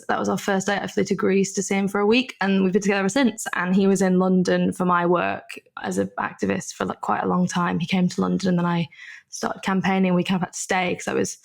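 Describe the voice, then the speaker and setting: A woman in her early thirties, a guest in a casual interview, telling stories in a chatty way with quick bursts. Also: medium pitch, little pitch movement, gravelly. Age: 30s.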